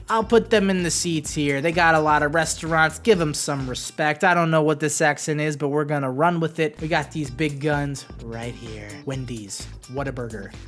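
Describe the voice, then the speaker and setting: A man ranking fast food in a casual vlog, brash and playfully combative, swinging between loud jabs and muttered asides. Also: fairly high pitch.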